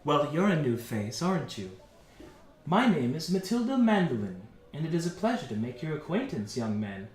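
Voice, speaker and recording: A man voicing a poised, worldly woman bard who speaks softly and courteously. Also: a little high, sing-song. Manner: soft, measured, courteous. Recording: echoey room.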